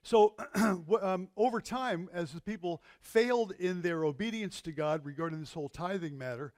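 A male pastor preaching a conversational sermon, with rhetorical questions and slowing down to stress key words. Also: sits high, dry recording.

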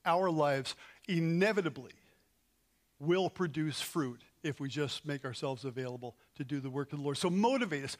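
A man's voice: fairly high pitch, normal speed. A man, a pastor leading an earnest closing prayer in a church service, rising to emphatic peaks. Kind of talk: sermon prayer. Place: church sanctuary.

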